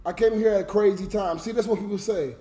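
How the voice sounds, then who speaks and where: Speaking fast in a high, warm voice, a drunk man pours out emotional rambles to his late-night livestream audience and reads donations between rants. There's a slight hiss or hum, and the roomy recording carries background music.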